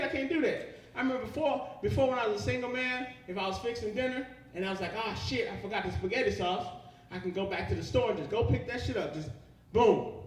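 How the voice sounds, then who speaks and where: A man's voice: very high-pitched, roomy sound, recorded from a distance. A young man doing live stand-up comedy, profane and rambling as he works the crowd. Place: comedy club stage. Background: audience laughter.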